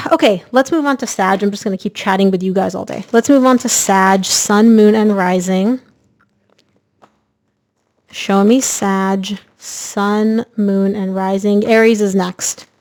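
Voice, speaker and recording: A woman giving a casual, energetic tarot reading, chatting directly to her viewers. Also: mid-range voice, normal speed. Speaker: tarot reader.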